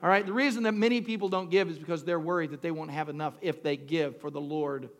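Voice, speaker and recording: A male pastor preaching a sermon, talking straight to the congregation, calling for responses and moving between quiet storytelling and shouted preaching. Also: fairly high pitch, fairly even intonation, quick pace. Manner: talks directly to the congregation, asks for responses.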